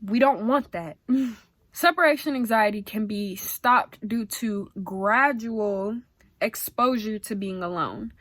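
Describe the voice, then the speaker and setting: A woman's voice: mid-range voice, slow pace, dry recording. A young woman vlogger giving dog-training tips in a casual, emphatic, slangy way. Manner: emphatic, animated, slangy and direct. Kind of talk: casual chatty advice.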